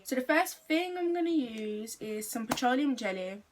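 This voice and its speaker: A woman's voice: a little high, expressive, moderate pace, background noise. Teen English girl for casual vlog storytime; chatty, rambling, unpolished delivery. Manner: chatty, rambling, full of "like" and restarts. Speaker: vlogger.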